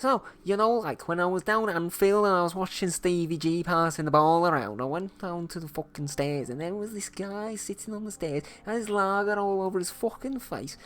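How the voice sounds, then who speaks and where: A man's voice: high-pitched, a little fast, hardly any pauses, fairly bright tone, voice pushed up. A man voicing a rowdy young Liverpool lad who swears and rambles through a pub-brawl story, in a mock Liverpool accent. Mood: swaggering.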